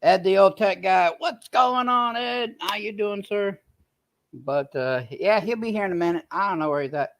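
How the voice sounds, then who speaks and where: A man's voice: high voice, normal speed, fairly bright tone. Tired man chatting on a livestream. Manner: chatty, greets viewers by name. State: tired and in pain. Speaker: livestream host. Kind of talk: casual livestream chat.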